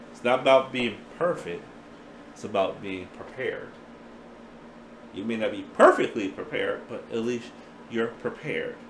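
A man preaching a sermon in a playful, animated way, acting out voices as he teaches. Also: on the low side, roomy sound, slight background noise.

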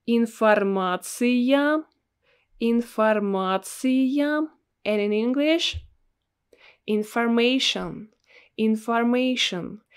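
Slow, patient Russian-accented woman teacher. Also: fairly high pitch, smooth. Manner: patient, repeats each word slowly. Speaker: language teacher. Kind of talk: slow, clear language lesson.

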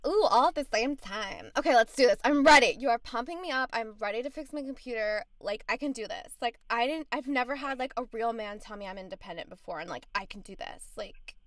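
A woman's voice: on the high side, lively intonation, fairly quick, few pauses, no echo, close to an everyday voice. A woman voicing a tearful, ditzy valley-girl socialite on a prank phone call, with a drawling valley-girl way of talking. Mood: perky. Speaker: prank caller.

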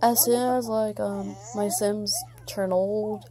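A woman's voice: mid-range voice, steady tone, takes it slowly, a crowd in the background. A woman giving casual, rambling gameplay commentary, chatty with light self-mocking asides. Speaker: gameplay vlogger.

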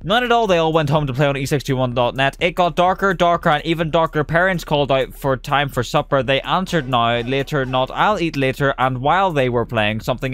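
A man streaming, reading silly fill-in-the-blank stories aloud in an animated way, rushing through asides and breaking into laughter. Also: fairly high pitch.

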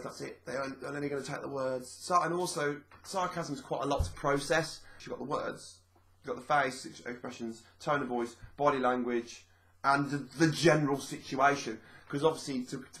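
A man's voice: mid-range voice, steady tone, fairly quick, fairly bright tone. A man talking casually to camera in a vlog, rambling a little and repeating his phrases as he explains things. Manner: chatty and rambling, repeats phrases, acts out quoted speech. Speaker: vlogger.

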